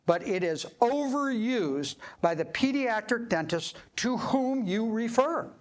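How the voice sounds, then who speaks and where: A man, a dentist, giving a live clinical lecture and demonstration, acting out scenes with sudden excited voices. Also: a little slow, rough recording. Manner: animated, acts out scenes and jumps into high excited voices. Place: clinic meeting room with live audience.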